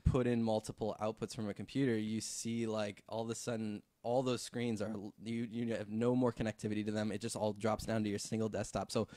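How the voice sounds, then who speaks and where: A lowish male voice moves briskly with few pauses, captured in a dry recording. The speaker, a visual effects artist, spins a story in a casual podcast chat, easygoing, heavy on fillers and quick to swear.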